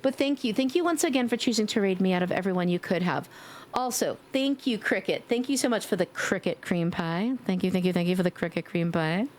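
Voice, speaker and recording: A woman streamer chatting casually with her viewers in a playful way, now and then slipping into squeaky baby talk and screams. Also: a little fast. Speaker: livestreamer. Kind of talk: casual live-stream chat.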